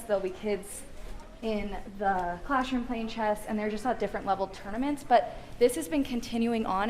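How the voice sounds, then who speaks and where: A woman's voice: on the high side, slight background noise. A woman from the school staff explaining a program to a visitor while walking through classrooms, matter-of-fact and explanatory.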